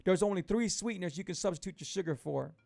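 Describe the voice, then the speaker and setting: This is a man with a gravelly, slightly high voice, hosting a live stream as a keto coach. He talks loosely with many restarts and repeats each point. The sound is close and dry, with no room around it. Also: quick pace, mellow, no echo, soft background music. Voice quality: fervent, pitching and repeating himself. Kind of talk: live-stream talk to viewers.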